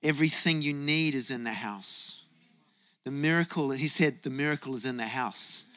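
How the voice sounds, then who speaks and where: Bright-voiced man preaching a sermon. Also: medium pitch, normal speed. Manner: storytelling, rising to emphatic bursts. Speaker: pastor.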